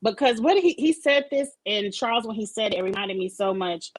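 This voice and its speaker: A woman's voice: mid-range voice, lively intonation, a little fast, poor audio. A woman hosting a casual live-stream chat over a video call, speaking emphatically and candidly and swearing freely. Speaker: host of a live-streamed talk show; supervisor at work.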